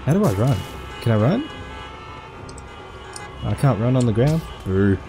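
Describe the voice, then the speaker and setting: A man giving casual, jokey let's-play commentary, excitable and full of goofy asides. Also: medium pitch, a little slow, music in the background. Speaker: gameplay commentator.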